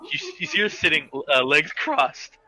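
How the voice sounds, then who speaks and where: A man narrating as game master of a tabletop game, casual and halting as he builds each scene. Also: on the high side, huge pitch swings, pushed and bright, rough recording. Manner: casual, halting, restarts descriptions.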